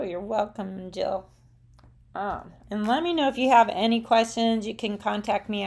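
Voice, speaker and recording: A woman's voice: mid-range voice, darkish tone. A middle-aged woman with a Southern accent, chatting casually and rambling a little with frequent ums as she hosts a live craft demonstration for viewers.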